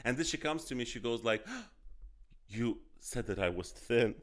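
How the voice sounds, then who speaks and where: A man's voice: mid-range voice, lively intonation, a little slow. A man from Azerbaijan hosts a loose, profane podcast conversation. He roasts people bluntly, peppers his stories with "you know," and breaks into laughter often. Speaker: podcast host and comedian. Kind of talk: casual podcast chat.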